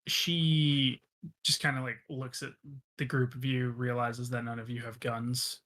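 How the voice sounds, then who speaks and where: A man narrating a tabletop role-playing game as game master, relaxed, with many fillers. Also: medium pitch, unhurried.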